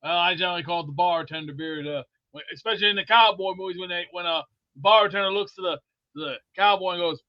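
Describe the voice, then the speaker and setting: A man calling in to a sports show, rambling jokily with sudden loud outbursts. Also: sits high, fast, no echo, muffled recording. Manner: rambling, jokey storyteller with sudden loud bursts. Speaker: caller. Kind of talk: rambling call-in chat.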